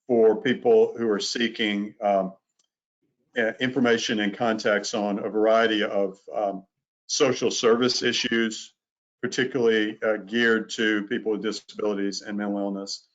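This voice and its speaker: A man presenting legal resources in a webinar, speaking haltingly with frequent fillers. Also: fairly low pitch. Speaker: disability legal advocate presenter. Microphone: video call. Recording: dull lo-fi call audio.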